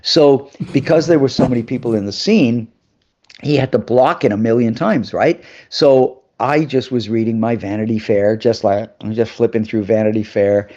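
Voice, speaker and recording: A man's voice: mid-range voice, normal speed, warm tone, muffled recording. A man, a guest actor, telling anecdotes in a live interview and acting out the voices of the people in his story.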